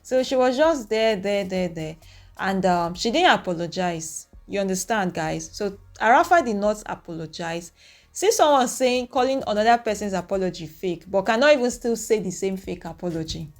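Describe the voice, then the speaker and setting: A young woman, recapping events to her viewers in an animated, opinionated way. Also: mid-range voice, moderate pace, faint music behind. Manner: animated, opinionated retelling with acted quotes. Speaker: reaction vlogger. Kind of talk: casual recap talking to viewers.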